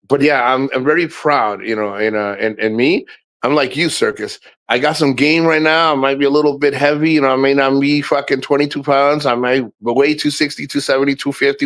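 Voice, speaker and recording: A man's voice: mid-range voice, fairly bright tone, no echo. Guy rambling on his livestream, cussing a lot, keeps restarting what he says. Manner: rambling, profane, halting restarts. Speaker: livestream host. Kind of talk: casual livestream chat.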